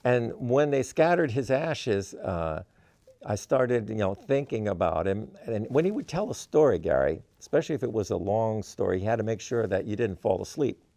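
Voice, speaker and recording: A man's voice: lowish voice, animated, moderate pace, vocal fry, warm tone, dry recording. A man, a musician guest in an interview, telling stories in a rambling way with many "you know" fillers. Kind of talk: casual interview storytelling.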